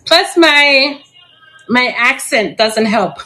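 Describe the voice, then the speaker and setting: Extremely slowly, in a high, expressive voice that's pushed and bright, a middle-aged woman hosts a casual live plant sale on a rough recording. Her auction chat is full of giggles, stumbles over plant names, and occasional spelled-out names.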